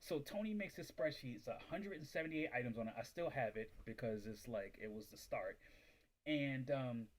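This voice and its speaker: A man in the middle pitch range hosts a casual livestream, telling a story with animated energy. He fills his talk with "like" and slips into put-on voices for other people. His delivery is loose and chatty, as if talking to regular viewers. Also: normal speed. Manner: animated, acts out quoted voices, heavy use of "like". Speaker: reselling business livestream host.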